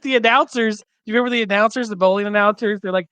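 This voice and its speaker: Higher voiced guy guesting on a podcast, giggly and excited, dry sound. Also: quick pace, few pauses, clean tone, no room sound. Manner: excitable, laughs through his words, lots of "like". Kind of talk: casual chat.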